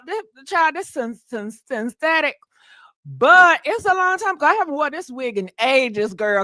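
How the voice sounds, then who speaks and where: Sassy lady doing a gossip livestream, high bright voice, dry close sound, keeps greeting chat. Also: no echo. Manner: sassy, animated, greets viewers and laughs often. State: short of breath.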